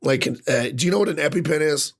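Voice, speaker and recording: Husky-voiced man ranting on a podcast. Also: fairly high pitch, fast. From Ireland. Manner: animated ranting with frequent swearing. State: rough voice recovering from lost voice. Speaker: podcast co-host. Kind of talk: casual podcast rant.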